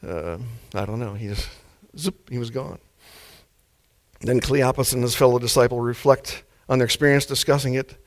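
A mild-mannered man delivering a sermon at an easy, laid-back pace. His pitch sits in an ordinary middle range for a man, neither deep nor high. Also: normal speed. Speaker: preacher.

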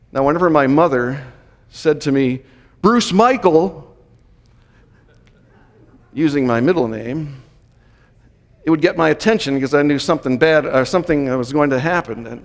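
A man delivering a Bible teaching sermon, explaining the setting of a passage step by step and lifting his voice when he reads scripture aloud. His voice sits in an ordinary middle pitch. The sound carries a long reverb from a large hall. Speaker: teacher in a Messianic congregation.

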